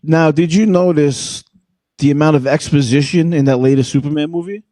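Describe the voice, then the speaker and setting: A man's voice: a little high, steady tone, fairly quick, warm tone, no room sound. A man hosting a podcast in casual chat, joking and swearing freely. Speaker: podcast host.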